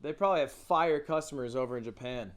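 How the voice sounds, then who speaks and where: A man's voice: mid-range voice, quick pace. Blunt, swearing young man streamer. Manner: blunt, joking, swears freely. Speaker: streamer reacting to a video. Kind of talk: casual reaction commentary.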